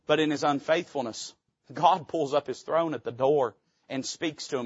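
A man's voice: a little high, moderate pace, husky, muffled recording. A male pastor preaching from a church pulpit, emphatic and folksy. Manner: emphatic, folksy, quotes old scripture aloud. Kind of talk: sermon.

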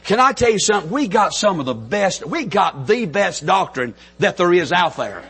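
A middle-aged Southern preacher with a North Carolina drawl, his voice pitched high, bright and a little husky. He preaches with fervor, dropping to a near hush and then climbing to full shouts. It sounds like a sermon delivered from a church pulpit. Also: sing-song, moderate pace. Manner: fervent, builds to shouts, drops to soft intimate lows. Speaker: pastor. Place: church sanctuary.

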